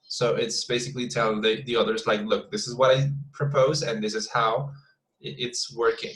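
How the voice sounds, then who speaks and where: Male teacher on a video call, mid pitch, halting and repetitive. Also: level tone, a bit bright, low-quality recording. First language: Spanish. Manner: hesitant, many repeated words and fillers. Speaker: English teacher. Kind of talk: online class instruction.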